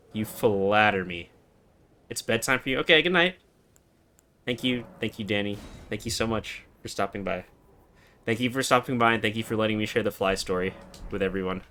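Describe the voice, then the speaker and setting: A man in his twenties streaming a game, chatting casually and answering chat in a relaxed, monotone way. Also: mid-range voice. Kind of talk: casual live-stream chat while gaming.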